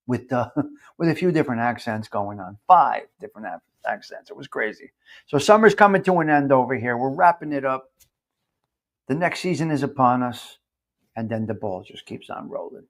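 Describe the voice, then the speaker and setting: A man with a North Jersey accent talks in a loose, rambling monologue, circling back and repeating words for emphasis. His voice sits at an ordinary middle pitch for a man. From New Jersey. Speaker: podcast host. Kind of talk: casual monologue.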